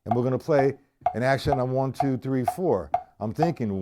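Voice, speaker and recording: A man's voice: mid-range voice, unhurried, very noisy. A man giving a live-streamed drum lesson, talking casually, repeating his points and checking in with his viewers. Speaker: drum teacher. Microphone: live stream camera mic.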